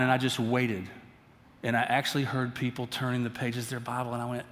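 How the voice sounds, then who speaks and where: A man's voice: medium pitch, flat delivery, brisk, a bit bright. A man preaching a sermon as pastor, talking conversationally and with emphasis, often turning to the congregation with asides. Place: church sanctuary. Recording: long reverb of a large hall.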